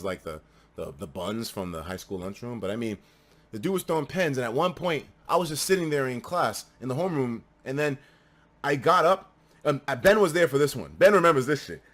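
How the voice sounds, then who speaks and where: A young man streaming, telling a story casually, animated and full of swearing, dropping to mutters and then bursting out loud. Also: medium pitch.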